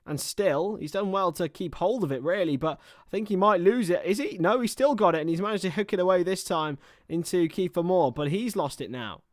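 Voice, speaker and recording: A man's voice: high-pitched, fairly quick, few pauses, dry recording, clean studio sound. Chatty man doing live football commentary. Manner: chatty, self-mocking asides between play-by-play. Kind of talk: casual live match commentary.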